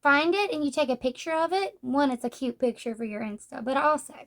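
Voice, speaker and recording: A woman's voice: high-pitched, animated, a little fast. A woman chatting casually as she reviews a comic book, blunt and sarcastic, acting out characters' lines. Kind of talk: casual manga review chat.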